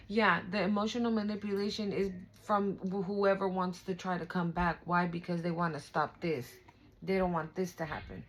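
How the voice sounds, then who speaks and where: A woman's voice: mid-range voice, slight background noise, rough recording. A young woman giving a casual spiritual tarot reading, emphatic, emotional and profane, talking straight to her viewers. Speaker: tarot reader.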